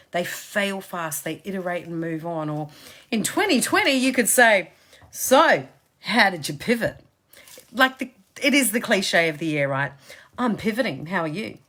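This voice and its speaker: Animated, emphatic woman coach. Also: medium pitch. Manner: emphatic and chatty, repeats phrases for stress. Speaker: success coach. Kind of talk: motivational Facebook Live talk.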